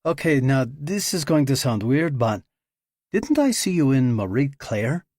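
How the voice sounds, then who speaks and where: A man voicing an eager, curious young woman agent with a raised pitch. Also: sing-song, measured pace, darkish tone, no echo, clean studio sound.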